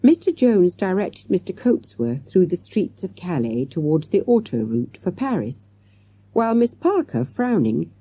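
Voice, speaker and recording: Husky, dark-voiced woman reading a children's story. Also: on the low side, no room sound. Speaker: audiobook reader. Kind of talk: scripted children's story narration.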